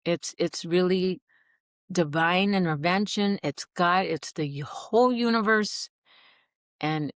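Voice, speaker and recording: A middle-aged woman, a podcast guest, earnestly telling her personal story in an animated, heartfelt way. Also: lowish voice, takes it slowly, no echo, studio quality. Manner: earnest, animated, acts out quoted dialogue. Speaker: podcast guest, recovery program alumna.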